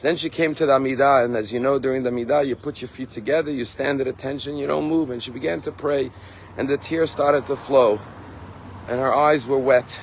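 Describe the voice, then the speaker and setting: A man, a rabbi, giving a sermon and telling a story, earnest, slowing down and lifting his voice to stress key words. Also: medium pitch, fairly even intonation, slight background noise. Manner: earnest, slows and rises for emphasis.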